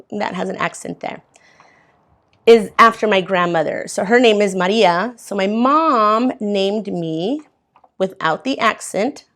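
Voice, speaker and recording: A Mexican woman with a medium-pitched voice teaches an ESL class, reading from a textbook and patiently explaining words step by step.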